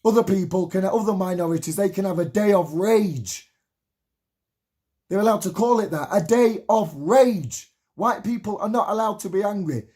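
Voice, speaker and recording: Heated, high-voiced man ranting. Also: normal speed, dark tone. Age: 30s. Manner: heated, swearing, repetitive rallying rant. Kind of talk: impassioned spoken monologue to camera.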